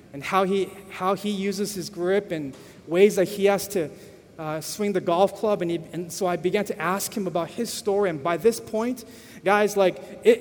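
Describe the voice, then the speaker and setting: A man preaching to his congregation in a high, lively voice, tripping over repeated words as he tells a story. His voice rings with the long reverb of a church hall. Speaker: pastor. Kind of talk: sermon storytelling.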